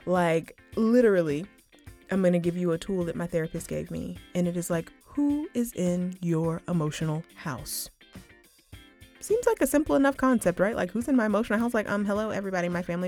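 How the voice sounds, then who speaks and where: A woman's voice: fairly low pitch, a little mellow. A woman hosting a casual solo podcast, chatting informally, often saying "like" and "y'all" and swearing freely. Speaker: podcast host.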